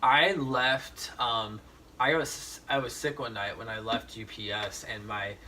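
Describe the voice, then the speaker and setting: A man hosting a casual podcast chat, his voice bright and forward. He tells stories frankly, swears freely and restarts his sentences often. He sits a little way back from the microphone. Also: medium pitch, steady tone, unhurried, distant mic, slight background noise. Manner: frank, profane storytelling with many restarts. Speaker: podcast host.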